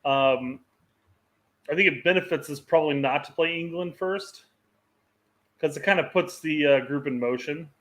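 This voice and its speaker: A man in relaxed sports talk with a voice a touch higher than most. He is easygoing and hesitant, restarting his sentences as he thinks aloud. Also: moderate pace, long pauses, low-quality recording. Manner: easygoing, hesitant, many fillers. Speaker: podcast co-host. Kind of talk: casual sports chat.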